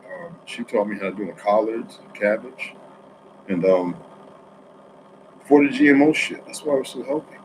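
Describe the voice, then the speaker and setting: A man from New Jersey talking in a rambling, profane monologue, swinging between loud outbursts and quiet asides. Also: on the low side, animated, normal speed, pauses often, background noise.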